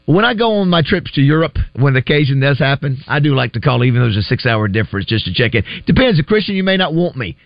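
A man's voice: medium pitch, sing-song, quick pace, gravelly, few pauses, dry recording, lo-fi sound. A man hosting a casual radio show, chatting and reading listener messages in a rambling way. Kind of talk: casual morning radio banter.

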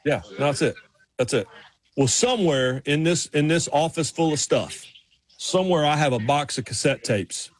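A man's voice: a little high, lively intonation, moderate pace. A man with a Southern US accent from North Carolina, co-hosting a radio show in playful, rambling banter. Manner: playful, rambling, lots of restarts. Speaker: co-host.

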